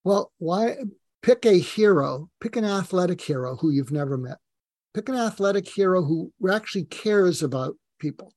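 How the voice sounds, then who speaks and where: Brief: middle-aged male guest, earnest and rambling, somewhat high voice with gravel, dry close sound. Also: animated, normal speed, a little mellow, no echo. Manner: earnest, rambling, many fillers and restarts. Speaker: podcast guest. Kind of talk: casual personal storytelling.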